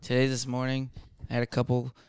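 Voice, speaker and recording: A man with a smooth, clear voice recounts work stories with animated exasperation. He has a middling pitch, and the sound is close and dry. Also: fairly quick, no room sound. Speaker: restaurant server, podcast co-host. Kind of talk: casual chat.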